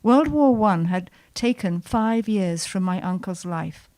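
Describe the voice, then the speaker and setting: Woman telling a family story on stage, lyrical and expressive. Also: mid-range voice, takes it slowly. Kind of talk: storytelling to a live audience. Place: showroom with audience.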